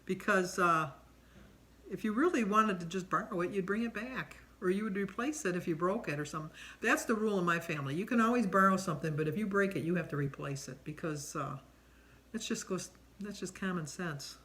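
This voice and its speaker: A woman's voice: on the low side, a little fast, a bit bright. A middle-aged woman chatting casually on camera while answering a tag questionnaire, rambling with lots of ums. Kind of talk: casual chat.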